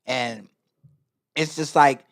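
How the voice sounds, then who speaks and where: Man, podcast host, swears a lot, acts out stories, mid-pitched voice. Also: takes it slowly. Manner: profane, animated storyteller who acts out quotes. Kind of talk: casual podcast chat.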